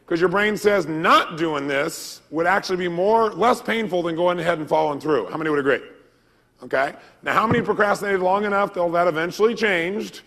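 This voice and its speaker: A man giving an energetic seminar lecture, quizzing a live audience with questions they answer back. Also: sits high, brisk, gravelly. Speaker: motivational speaker. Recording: long reverb of a large hall.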